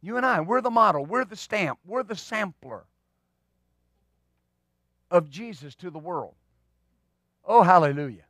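High-voiced folksy pastor man preaching. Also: measured pace, long pauses, no room sound, studio quality. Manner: folksy, humorous, animated storyteller who repeats words. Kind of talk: sermon storytelling.

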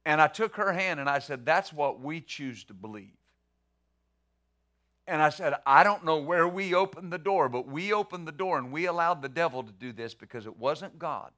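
Bright-voiced preaching pastor, man. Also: on the high side, lively intonation, normal speed. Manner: conversational preaching with rhetorical questions; restarts and repeats words. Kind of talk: sermon.

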